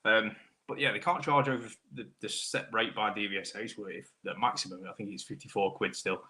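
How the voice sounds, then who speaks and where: Bright-voiced British mechanic chatting to viewers. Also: male voice, fairly low pitch, steady tone, fairly quick. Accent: British English. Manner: chatty, matey banter, greets viewers by name. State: throat trouble, clearing throat. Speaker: host of live Q&A stream. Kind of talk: casual live-stream chat reading comments.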